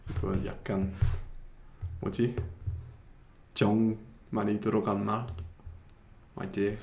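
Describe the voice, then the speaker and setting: A British man with a lowish, gravelly voice gives a relaxed language lesson. He chats along, laughing at himself and circling back to restart sentences as he hunts for words. The room around him is echoey. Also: a little hiss or hum. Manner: chatty, searches for words with many restarts. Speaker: English teacher. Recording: roomy echo.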